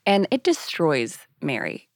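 Woman co-host, blunt and profane, lowish gravelly voice. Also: wildly swooping pitch, measured pace, no echo, studio quality. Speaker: podcast co-host. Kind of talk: casual chat.

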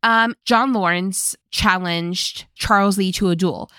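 A woman casually recapping a story for a friend, acting out bits of dialogue in an animated way. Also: mid-range voice, clean tone, dry recording, studio quality. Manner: animated, acts out characters in quick bits. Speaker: recapping host. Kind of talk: casual comedic recap chat.

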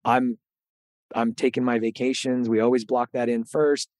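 A middle-aged man, a podcast host, telling a candid story in an interview, animated and earnest and often repeating words as he goes. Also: mid-range voice, normal speed, no echo.

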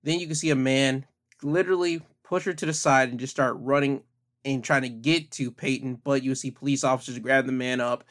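A man's voice: medium pitch, steady tone, brisk, fairly bright tone. A man giving casual commentary on the news, talking conversationally with frequent fillers.

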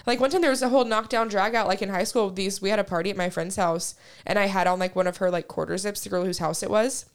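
A woman's voice: medium pitch, fairly even intonation, quick pace, few pauses, clear, resonant tone. A woman in her twenties, a podcast co-host telling stories in a rambling, casual way, full of "like" and swearing. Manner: rambling, heavy use of "like", frequent swearing. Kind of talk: casual chat, storytelling.

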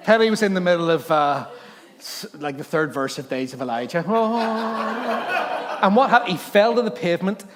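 A man's voice: high voice, expressive, measured pace. A man preaching a sermon in church, telling stories animatedly and laughing often. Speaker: pastor. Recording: long hall reverb, faint background noise.

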